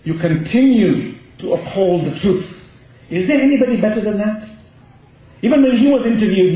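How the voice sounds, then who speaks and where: A man's voice: very high voice, very animated, brisk, dark tone. A man giving a passionate Muharram sermon, driving his points home with rhetorical questions. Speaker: religious lecturer. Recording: very echoey hall.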